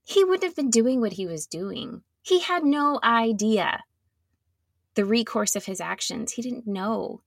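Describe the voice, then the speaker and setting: A woman giving a reflective, earnest sermon, sometimes dropping to a soft near-whisper. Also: on the high side, animated, a little slow, vocal fry, no echo, studio quality. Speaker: speaker giving a devotional talk.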